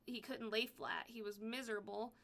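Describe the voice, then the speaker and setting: Young woman, casual vlog storyteller, gravelly, bright tone, blunt and profane. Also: on the high side, moderate pace. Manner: blunt, profane, animated retelling with quoted dialogue. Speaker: vlogger telling a personal story.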